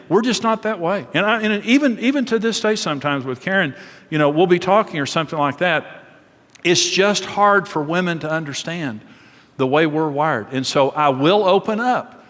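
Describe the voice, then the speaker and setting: Middle-aged male pastor, emphatic sermon delivery, slightly high voice, long hall reverb. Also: fairly bright tone. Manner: earnest, emphatic preaching. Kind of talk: sermon on marriage. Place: church sanctuary.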